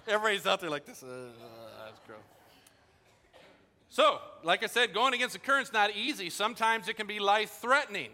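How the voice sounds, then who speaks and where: A man preaching a sermon in a casual, animated way, telling stories and acting out quoted dialogue. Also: a little high. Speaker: pastor. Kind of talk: sermon with storytelling. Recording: long hall reverb.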